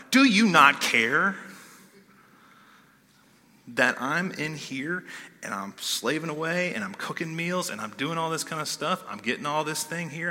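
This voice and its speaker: A man voicing an overworked, indignant woman host who pleads in a raised, high voice, partly in mock old-fashioned English, with a long hall reverb. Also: pushed and bright.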